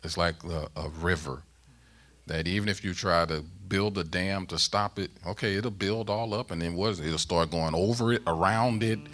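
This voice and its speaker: A middle-aged man preaching a sermon, with emphatic rising bursts that ease into a soft closing prayer. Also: sits low, moderate pace. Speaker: guest preacher.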